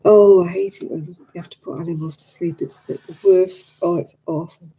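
A woman's voice: lowish voice, level tone, fairly quick, warm tone, rough recording. A woman hosting a craft livestream, chatting casually and answering viewer comments, emotional as she talks about her late dog. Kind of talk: casual chat with live viewers.

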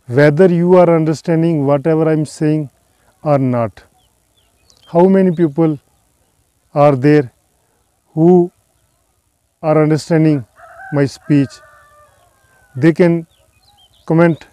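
Hesitant man speaking slowly with fillers. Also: fairly high pitch, warm tone, no room sound. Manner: hesitant, frequent "uh" fillers, slow and careful. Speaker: English teacher vlogger. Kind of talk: casual talk to camera.

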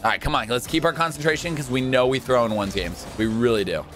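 A young man in casual, jokey gameplay commentary, excitable and quick to shout and laugh. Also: medium pitch, soft background music. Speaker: gaming YouTuber.

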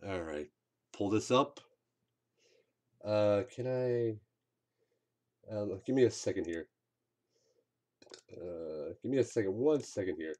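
A man's voice: lowish voice, lively intonation, slow, long pauses, warm tone. A man streaming a game, commenting live with frustrated outbursts and swearing.

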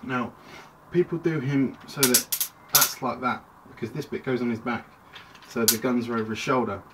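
A man's voice: medium pitch, fairly even intonation, normal speed. Man rambling through a toy review. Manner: rambling, chatty, self-interrupting. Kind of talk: casual toy review vlog. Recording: distant mic with clear background noise.

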